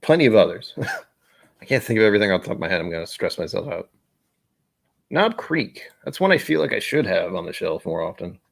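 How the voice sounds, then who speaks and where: A man hosts a relaxed live stream, chatting while he tastes. His voice sits fairly low but jumps around a lot in pitch. He rambles, loses his train of thought and pokes fun at himself. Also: brisk, gravelly. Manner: rambling, self-deprecating, easily sidetracked. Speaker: whiskey stream host. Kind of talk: casual live-stream chat.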